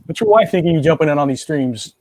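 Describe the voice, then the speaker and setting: A man's voice: a little high, animated, fast, a little mellow, no room sound, low-quality recording. A man hosting a live sketch stream, thinking aloud as he draws and joking with viewers. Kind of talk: casual chat while drawing.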